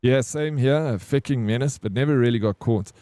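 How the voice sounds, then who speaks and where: A man's voice: medium pitch, fairly quick, mellow, no room sound. A man casually telling a story to his stream chat, swearing and calling people bro. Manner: laid-back, swears, says "bro".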